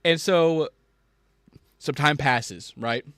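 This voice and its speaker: A man with a slightly higher voice tells a story in loose, profane chat. His delivery is animated and swings from loud outbursts to quiet asides. The sound is dry and close, with no room echo. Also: drawn-out words. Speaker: podcast host.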